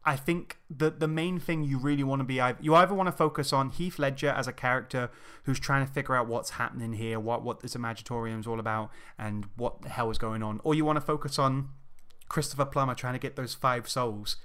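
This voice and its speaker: Measured man, smooth voice. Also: mid-range voice, fairly even intonation, a bit bright. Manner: measured, thoughtful, hesitant restarts. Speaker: podcast co-host. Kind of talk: casual film review chat.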